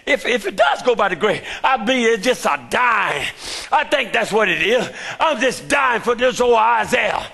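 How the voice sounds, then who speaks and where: High, gravelly older man preaching fervently. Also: lively intonation, moderate pace. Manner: shouting, fervent, call-and-response preaching. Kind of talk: sermon. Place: church.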